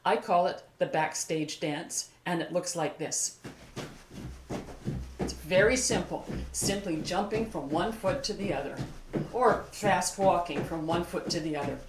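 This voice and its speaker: An older woman, a vocal coach, giving a calm, encouraging singing lesson on video and talking through an exercise as she moves. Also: on the low side, unhurried, noisy background. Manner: calm, encouraging, demonstrates while moving. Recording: echoey room.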